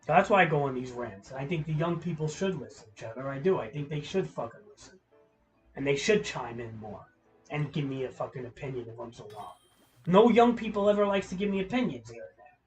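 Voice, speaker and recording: A man's voice: a little high, expressive, a little fast, faint music behind, low-quality recording. A man livestreaming and ranting to his chat, profane, heated and opinionated, rambling with restarts. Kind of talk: live-stream ranting to chat.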